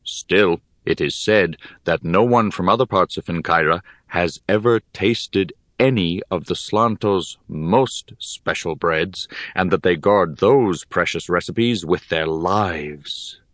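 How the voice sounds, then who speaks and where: A man reading as a slow, solemn old poet-mentor. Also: deep voice, no echo, studio quality. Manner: slow, measured, solemn delivery. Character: wise older male poet and scholar, gentle mentor. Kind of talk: audiobook character reading.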